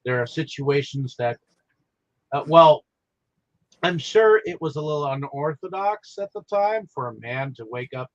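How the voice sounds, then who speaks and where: A man co-hosting a casual movie discussion podcast, talking in halting bursts with many restarts. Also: medium pitch, muffled recording. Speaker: podcast co-host.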